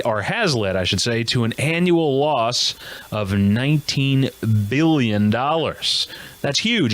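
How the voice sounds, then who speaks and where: A man's voice: mid-range voice, fairly bright tone. A man hosting a comedy show, delivering a jokey news monologue with self-mocking, rambling asides.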